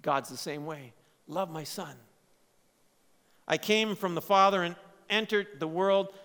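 A man preaching a sermon, swinging between loud emphatic lines and quiet, low asides. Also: a little slow. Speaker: pastor. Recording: long hall reverb.

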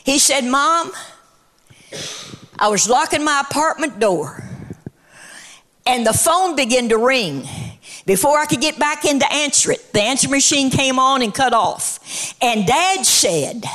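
A middle-aged woman preacher delivering a sermon in a rhythmic cadence that builds to shouts, then shifts into storytelling. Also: sits high, lively intonation, unhurried, pauses often.

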